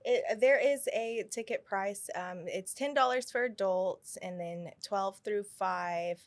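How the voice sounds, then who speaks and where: A woman's voice: medium pitch, takes it slowly. A woman, an event organizer guest speaking earnestly and a bit hesitantly in a casual interview.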